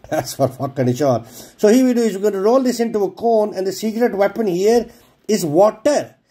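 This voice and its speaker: A man's voice: a little high, mellow, breathy edge. A man presenting a home cooking video in a casual, jokey way, swearing freely and poking fun at himself. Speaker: home cook presenting a recipe.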